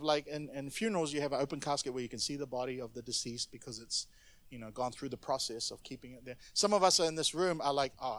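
A man preaching a lively, conversational sermon to a congregation, with frequent asides to the audience. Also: sits high, no echo.

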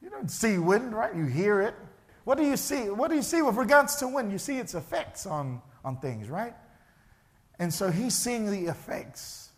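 A man's voice: sits high, moderate pace. A male pastor, preaching a sermon in a church and acting out the people in his story. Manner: animated, acts out the characters' voices.

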